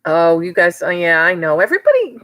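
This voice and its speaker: A woman's voice: on the low side, wildly swooping pitch, a little fast, fairly bright tone, rough recording. A woman with a New York accent calling a live online auction, chatty and teasing bidders by name.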